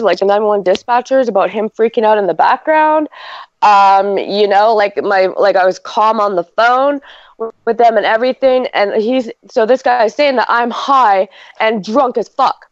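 A woman's voice: on the high side, moderate pace, no room sound, dull audio. A woman and mother, telling a story in casual chat, rambling with lots of "like" and swearing.

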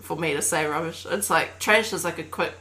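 A woman's voice: low-pitched, fairly quick, pushed and bright, poor audio. A woman chatting casually and playfully with friends, laughing often and trailing off mid-sentence. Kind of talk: casual chat.

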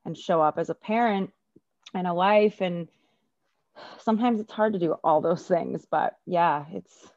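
A woman with a very low voice talks reflectively in a casual chat, leaning on filler words as she thinks aloud. The recording is muffled and lo-fi, with a dry, close sound. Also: measured pace, darkish tone, no echo. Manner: reflective, many fillers like "like" and "you know". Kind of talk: casual conversation.

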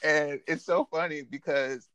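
A man's voice: on the high side, fairly even intonation, a little slow, a bit bright, clear, resonant tone, dry recording. A man co-hosting a casual recap podcast, talking animatedly, laughing often and quoting characters in a raised voice. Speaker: podcast co-host. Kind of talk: casual anime recap chat.

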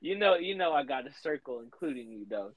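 A man's voice: medium pitch, sing-song, brisk, no room sound, rough recording. A young man co-hosting a podcast, telling stories in casual chat, swearing a lot and laughing often. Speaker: podcast co-host.

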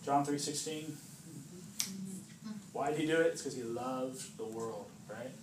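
Chatting and joking with a small group, this male preacher delivers a casual sermon, slipping into character voices and frequently asking "right?" He speaks at medium pitch, a little slowly, and the recording sounds roomy and distant with background noise.

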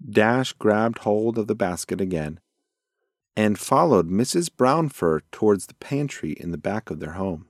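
Lively low-voiced man reading a story. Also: measured pace, dry recording, clean studio sound. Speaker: narrator.

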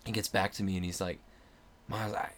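A man's voice: low voice, level tone, racing, a little hiss or hum. A young man, an actor, chatting as a guest on a podcast, rambling, restarting his sentences and laughing as he tells stories. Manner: rambling, laughing, self-interrupting storyteller. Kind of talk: casual podcast chat.

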